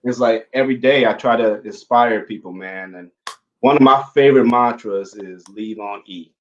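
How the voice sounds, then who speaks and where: A man's voice: lowish voice, normal speed, lo-fi sound. Earnest man sharing motivational stories. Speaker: podcast host. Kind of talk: casual chat.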